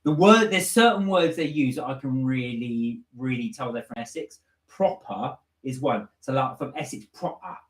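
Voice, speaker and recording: A man's voice: medium pitch, moderate pace, few pauses. A man from Somerset co-hosting a live stream, chatting casually, reading out viewer comments and telling stories. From Somerset, England. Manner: chatty storyteller who mimics other people's voices. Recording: echoey room.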